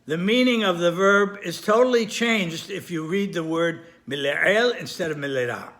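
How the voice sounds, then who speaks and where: A man giving a recorded lesson, explaining carefully with repetition, pauses and small self-corrections. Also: sits high, a bit bright. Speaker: Torah teacher. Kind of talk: recorded lesson on Hebrew grammar.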